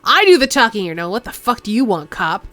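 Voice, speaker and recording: A hulking dockworker boss who growls and roars his threats, dragging out each word with heavy menace, as a woman acts him out. He is loud and unhurried, a brute sure of his own power, voiced for a video game playthrough. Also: mid-range voice, expressive, faint music behind. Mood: menacing. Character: hulking brash male dockworker gang boss.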